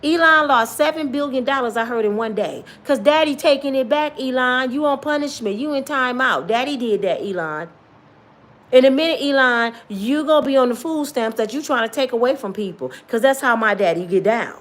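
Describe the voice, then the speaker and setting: A middle-aged woman preaches her testimony with fervor. She repeats herself and calls out to her listeners in a call-and-response way. Her voice sits a little high. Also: animated, fairly quick, a bit bright. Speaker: motivational testimony speaker.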